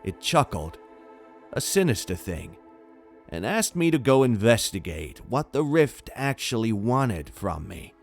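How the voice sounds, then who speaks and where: A man narrating a first-person horror story in a tense, steady way. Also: mid-range voice, a little slow. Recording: faint music underneath.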